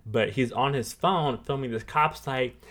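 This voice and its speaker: A man co-hosting a casual podcast, talking loosely with lots of fillers and animated retellings. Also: mid-range voice, measured pace. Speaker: podcast co-host.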